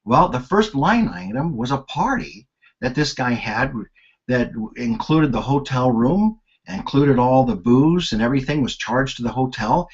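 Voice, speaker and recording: An older man in his sixties leads a sales and marketing lesson with a husky, slightly rough voice. His delivery is lively and anecdotal, rising and falling as he tells stories. The sound is dull and lo-fi, like webinar audio. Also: medium pitch, unhurried. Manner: animated, anecdotal storyteller. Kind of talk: storytelling lesson.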